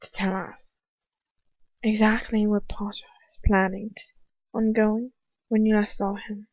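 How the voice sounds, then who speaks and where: A cold, sneering aristocratic wizard who drawls each line slowly and quietly, as a woman reader plays him. The voice sits in a middling range, and the recording sounds dry and dull. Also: mid-range voice, little pitch movement, dry recording. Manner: slow drawl.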